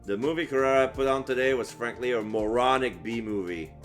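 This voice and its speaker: A man's voice: mid-range voice, a little fast, soft background music. A man streaming, reading a story game aloud with earnest, lightly wry narration. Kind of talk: reading a visual novel aloud.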